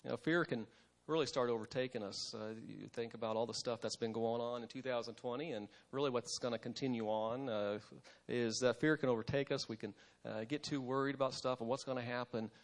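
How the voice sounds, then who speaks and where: A man preaches in a relaxed, talky way, stopping often on "uh" and restarting his sentences. His voice sits at an ordinary middle pitch, and he sounds like he is chatting more than orating. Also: a little fast. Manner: conversational, with frequent "uh" fillers and restarts. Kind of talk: casual devotional sermon.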